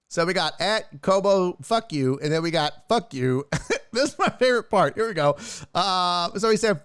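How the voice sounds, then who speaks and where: A man's voice: fairly high pitch, moderate pace, a bit bright, smooth, no echo, studio quality. A man hosting a live sports stream, ranting and laughing his way through tweets in casual, profane chat. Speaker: streaming sports show host.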